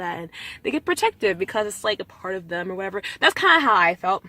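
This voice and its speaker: Bright-voiced rambling woman vlogger. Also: on the low side, lively intonation, a little fast, low-quality recording. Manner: rambling, many fillers and restarts. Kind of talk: casual vlog monologue.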